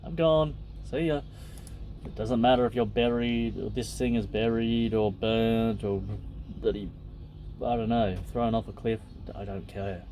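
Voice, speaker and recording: A man reading passages from a text aloud and pausing to muse on them in a loose, casual way, with fillers and asides. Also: on the low side, level tone, warm tone, a little hiss or hum. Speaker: podcast host.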